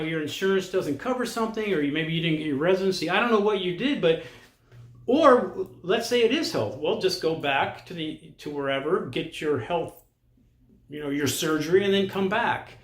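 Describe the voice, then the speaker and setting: A man's voice: sits high, animated, moderate pace. Blunt older man, roomy echo. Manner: blunt, challenging, talks straight at the viewer. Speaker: vlogger giving expat advice. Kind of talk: casual monologue to camera. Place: lives in Costa Rica.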